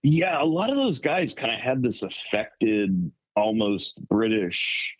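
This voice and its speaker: A man on a podcast telling a story in casual chat, rambling and animated with lots of fillers. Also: mid-range voice, takes it slowly, breathy edge, dry recording, low-quality recording. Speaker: podcast co-host.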